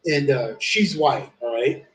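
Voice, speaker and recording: A man's voice: medium pitch, takes it slowly, crowd noise. A man telling a long story in casual chat, swearing constantly and saying "dude" a lot. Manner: profane, rambling, says "dude" often. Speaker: streamer. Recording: roomy, distant from the mic.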